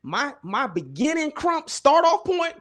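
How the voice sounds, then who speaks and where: Animated high-voiced man telling stories. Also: measured pace. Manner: animated, voice jumps high when excited. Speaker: podcast host. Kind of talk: casual comedic storytelling.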